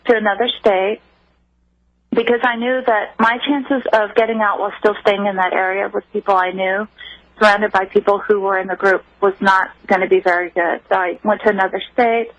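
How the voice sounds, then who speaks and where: A woman's voice: mid-range voice, fairly even intonation, a little fast, fairly bright tone, no room sound. A woman guest on a radio call-in show, telling a personal story in an earnest, emotional way over a dull phone line. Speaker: interview guest.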